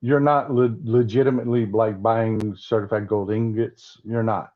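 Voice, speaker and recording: A man from the Southern United States, speaking in a lowish voice with a Southern American accent, hosts a political commentary livestream. His tone is steady and his pace moderate, but he's blunt and keeps repeating himself with many restarts. The recording sounds slightly dull and lo-fi.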